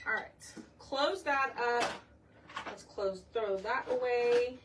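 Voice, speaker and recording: A woman's voice: on the high side, takes it slowly, heavy background noise. A woman hosting a live crafting tutorial, chatting with viewers by name and thinking aloud as she works. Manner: chatty, talks to viewers by name while working; thinks aloud, often trails off. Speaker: craft livestream host.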